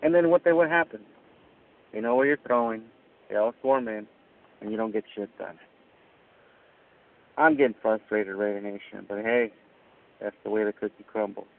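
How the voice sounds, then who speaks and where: A man's voice: fairly low pitch, moderate pace, vocal fry, long pauses. Swearing man ranting over a tinny phone. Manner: angry ranting, heavy swearing. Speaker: caller. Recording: tinny phone line with faint noise.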